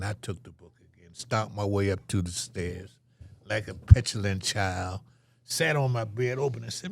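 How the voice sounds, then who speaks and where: A man's voice: fairly low pitch, normal speed, creaky, darkish tone. An older man telling a story as an interview guest, acting out the voices of the people in it.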